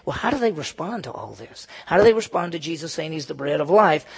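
A man's voice: fairly high pitch, animated, quick pace, vocal fry, slightly rough. A male pastor preaching an expository sermon to his congregation, emphatic and repeating key phrases. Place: church with a congregation.

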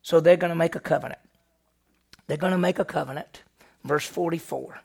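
A man teaching through a Bible passage in a sermon, animated and firing rhetorical questions at his listeners. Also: on the high side, a little fast, creaky.

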